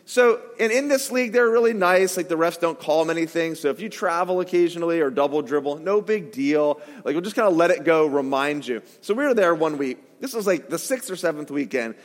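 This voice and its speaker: A man in his forties delivers a sermon in a fairly high voice, with a self-mocking storytelling manner. He sometimes bursts into shouted quotes. His voice carries a long echo, as if from a large hall. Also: lively intonation, fairly quick, few pauses. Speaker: pastor. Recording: echoey hall reverb.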